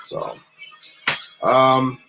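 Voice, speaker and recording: A man from New Jersey telling a story in a chatty, animated vlog style. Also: extremely slow, faint music behind, low-quality recording. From New Jersey, USA. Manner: chatty, animated, frequent fillers. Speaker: vlogger and LEGO builder.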